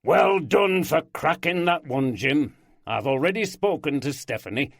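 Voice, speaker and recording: A man's voice: on the high side, lively intonation, unhurried, vocal fry, a bit bright, no echo, voice pushed up, exaggerated voice. Hearty teasing Yorkshire police boss, raised voice, dry close sound, a male narrator doing him. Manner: hearty, chuckling.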